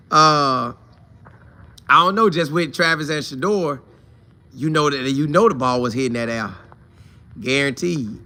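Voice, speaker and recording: A man's voice: medium pitch, pushed and bright. A man hosting a casual live fan show, greeting viewers by name and repeating his points for emphasis. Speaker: host of a college football fan show. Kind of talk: casual live-stream chat reading viewer comments.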